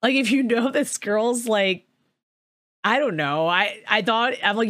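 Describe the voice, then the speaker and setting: A woman's voice: on the high side, a little slow, dry recording, clean studio sound. A young woman recapping a movie in casual chat, swearing freely and acting out the characters' lines. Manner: profane, filler-heavy storytelling with animated quoted voices.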